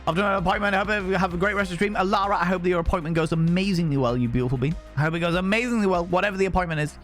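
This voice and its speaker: A man's voice: high-pitched, racing, a bit bright, soft background music. A young man streaming and chatting casually, rambling from topic to topic, swearing freely and greeting viewers by name. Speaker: streamer reading chat. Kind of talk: casual chat.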